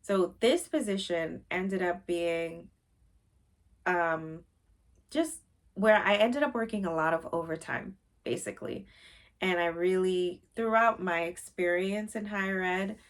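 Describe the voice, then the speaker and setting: A woman's voice: on the low side, a little slow. A woman vlogger in casual chat, rambling with many fillers and openly sensitive about her feelings.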